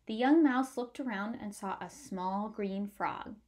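A woman reading a picture book aloud with clear, expressive storytelling. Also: medium pitch, a little slow.

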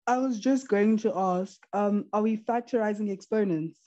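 A polite, eager student calling in to a live lesson, a woman with a mellow, dark voice. Her audio is dull and lo-fi, like a muffled call line. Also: medium pitch, moderate pace. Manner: polite, eager, calls the teacher ma'am. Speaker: student caller.

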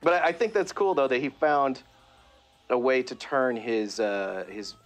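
A man's voice: medium pitch, a little slow, faint music behind. A middle-aged man, a voice actor, chatting animatedly in an interview and laughing often. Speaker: voice actor guest. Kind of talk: casual interview.

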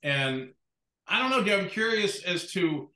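Bright-voiced host in his sixties, echoey room. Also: high-pitched, very animated, unhurried. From Wisconsin. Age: 60s. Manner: joking, teasing questions. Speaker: podcast host. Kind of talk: casual interview chat.

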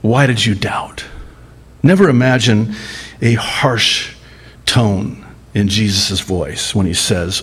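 A male pastor preaching a sermon, telling a Bible story with deliberate emphasis, rising sharply for dramatic quoted lines and chuckling now and then. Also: on the low side, slightly rough.

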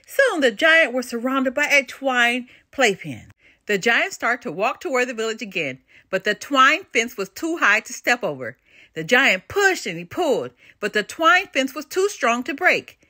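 An older woman reads a children's storybook aloud, full of expression. Her voice is bright and lively, a bit high for a woman, and recorded close and dry. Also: normal speed, no room sound. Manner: expressive and animated. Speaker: storybook reader. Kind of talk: children's read-aloud narration.

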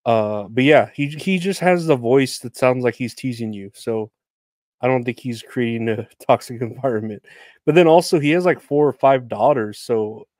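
Man, young adult, podcast host, rambling, sardonic, profane, mid-pitched, dry recording. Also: normal speed, darkish tone, no echo. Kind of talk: casual solo podcast rant.

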